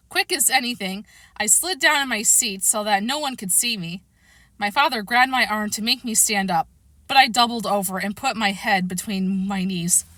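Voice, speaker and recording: Woman reading a children's novel aloud, bright and close. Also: mid-range voice, moderate pace, no echo. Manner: lively, expressive first-person narration. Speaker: storybook reader.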